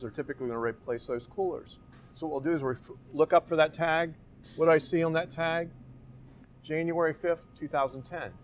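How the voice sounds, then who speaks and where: A man of middle pitch giving a walking tour of a grocery store, pointing out displays and posing rhetorical questions. He is recorded on the shop floor, with a faint rumble underneath. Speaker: real estate company guide.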